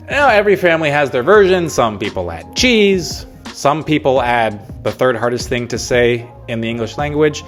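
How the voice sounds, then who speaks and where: A man's voice: mid-range voice, animated, moderate pace. A young man from Minnesota, a realtor, talking casually to camera in an upbeat, playful way with mock-stern asides. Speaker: realtor and relocation vlogger. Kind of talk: casual talking-head vlog. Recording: faint music underneath.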